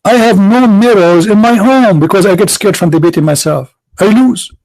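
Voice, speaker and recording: Man, high-pitched, mocking rhetorical questions, heated debate host. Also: moderate pace, a little mellow, poor audio. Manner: taunting, repetitive rhetorical questions. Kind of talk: heated religious debate monologue.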